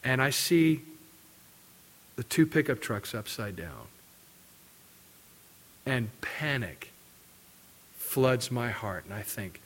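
A middle-aged male pastor preaching a sermon, telling a personal story with lively acted-out quotes before reading scripture. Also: mid-range voice, slow pace, pauses often, slightly rough. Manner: animated storytelling, acting out quotes.

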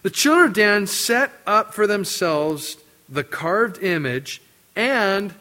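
A middle-aged male pastor preaching a sermon, telling a personal story with lively acted-out quotes before reading scripture. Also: sits high, slow. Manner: animated storytelling, acting out quotes.

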